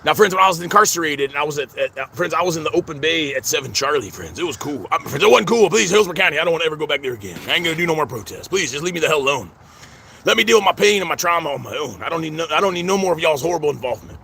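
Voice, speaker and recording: Fast-talking gravelly man, stammering. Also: fairly high pitch, expressive, bright, forceful tone, slight background noise. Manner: repeats 'friends' constantly, stammering restarts. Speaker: vlogger. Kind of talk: rambling personal vlog. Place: outdoors at a cemetery.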